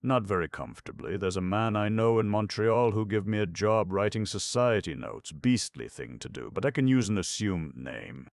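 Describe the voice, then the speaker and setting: A man's voice: lowish voice, animated, moderate pace, hardly any pauses, no room sound, studio quality, voice pushed up. A man voicing a brash, cocky young man who talks in a breezy, slangy way.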